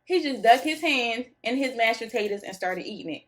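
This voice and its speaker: A woman's voice: fairly high pitch, fairly quick. Young woman, casual goofy storyteller, phone-camera vlog. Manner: goofy, laughs easily, animated retelling. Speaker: vlogger telling a story.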